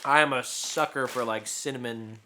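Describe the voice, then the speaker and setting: A man co-hosting a podcast, chatting casually while tasting snacks, rambling and joking with loud bursts of laughter. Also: mid-range voice, steady tone, moderate pace, a little hiss or hum. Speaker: podcast co-host.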